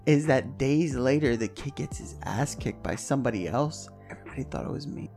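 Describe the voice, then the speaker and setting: A man co-hosting a podcast, telling a profane, animated story in casual chat and acting out the voices. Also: medium pitch, fairly quick, gravelly, faint music behind. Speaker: podcast co-host.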